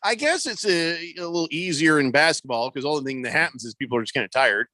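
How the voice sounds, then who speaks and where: A man's voice: on the high side, lively intonation, quick pace, sharp tone, no room sound. A man hosting a sports radio show, chatting casually, joking and reading out listener texts. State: losing his voice. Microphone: studio microphone.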